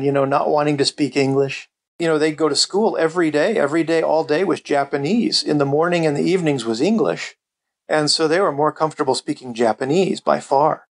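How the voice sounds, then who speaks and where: Chatty middle-aged man telling stories. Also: a little high. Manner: chatty, many "you know" fillers, laughs often. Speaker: podcast guest. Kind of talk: casual storytelling.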